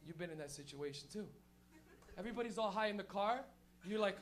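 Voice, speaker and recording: A man's voice: sits high, expressive, fast, pauses often. A male stand-up comic from Toronto, working a room with a loose, profane set, laughing as he acts out stoner voices. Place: comedy room with a laughing crowd.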